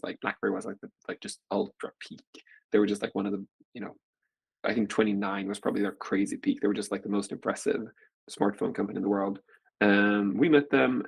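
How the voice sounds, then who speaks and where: A man in his forties tells a long, rambling story as an interview guest, filling it with constant "like" fillers. His voice is low, husky and gravelly with fry. He talks at a quick clip. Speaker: guest, venture capital partner.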